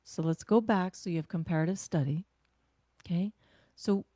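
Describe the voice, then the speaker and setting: A woman leads a self-care breathing class, speaking slowly in an easy, conversational way and breaking up her instructions with sighs and long exhales. Her voice sits a little low and sounds warm and mellow. The recording is dry and close. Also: dry recording.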